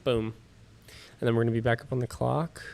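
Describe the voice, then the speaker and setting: A man speaks fairly quickly in a flat, medium-pitched voice with vocal fry and a slightly mellow quality. He's hosting a fantasy football livestream from his home studio, chatting loosely with viewers, casually swearing, and sounding tired as he yawns.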